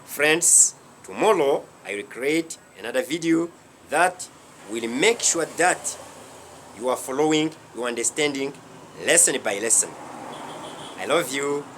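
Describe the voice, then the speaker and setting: A man from Rwanda teaches a beginner English lesson at a very unhurried pace, in a slightly high voice. He talks deliberately, repeating each key word and checking with a quick "huh?" that his learners follow. A faint hum of air conditioning and traffic sits behind him. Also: lively intonation, a bit bright.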